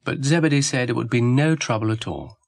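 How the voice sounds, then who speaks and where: A man narrating a children's story in a wry, gently amused way. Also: mid-range voice, animated, fairly quick, no echo, clean studio sound.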